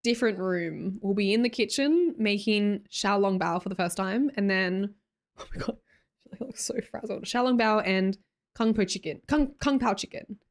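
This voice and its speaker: A woman's voice: mid-range voice, normal speed. Australian woman, casual livestream chat, playful, laughs a lot, sleepy late-night tone. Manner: playful, laughs often, chats with viewers.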